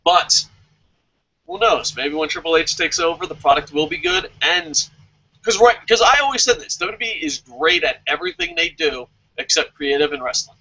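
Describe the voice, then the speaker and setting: A man with a bright, tense voice that sits a little high holds forth on his own vlog. He is animated and sarcastic, and he swears casually while answering viewer questions. The recording sounds dull and lo-fi. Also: normal speed, creaky. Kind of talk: casual opinionated commentary.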